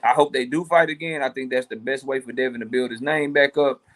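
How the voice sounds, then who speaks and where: A man's voice: medium pitch, steady tone, fast, fairly bright tone. A man co-hosting a casual boxing talk show, speaking loosely with profanity and fillers.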